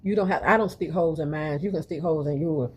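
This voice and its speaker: A woman's voice: low-pitched, fast talker, slightly rough. A middle-aged woman, hosting a casual home cooking video and chatting straight to her viewers in a homey way. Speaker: cooking channel host. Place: home kitchen.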